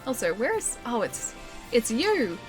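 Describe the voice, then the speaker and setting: A woman's voice: a little high, sing-song, unhurried, music in the background. Chatty Australian woman streamer. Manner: chatty, laughs often, answers chat. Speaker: game streamer. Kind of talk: casual live-stream chat.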